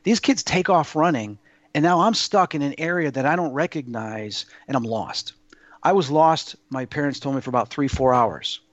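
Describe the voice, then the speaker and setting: A man with a slightly high voice talks at a moderate pace, and the audio is dull with no room sound. He's a guest in a casual interview, telling personal stories in an earnest, rambling way, with frequent fillers and restarts.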